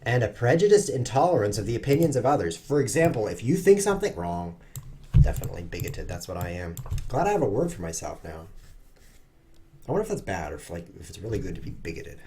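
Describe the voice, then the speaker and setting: A man's voice: lowish voice, big pitch swings, fast talker, noisy background. A man giving rambling, self-mocking live commentary while he plays online chess at his computer. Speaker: chess streamer.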